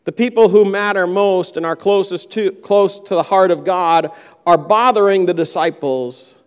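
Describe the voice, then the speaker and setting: A man's voice: high voice, normal speed, smooth, in a large hall. A man preaching a sermon, who acts out the disciples' complaints in a raised voice. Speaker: pastor.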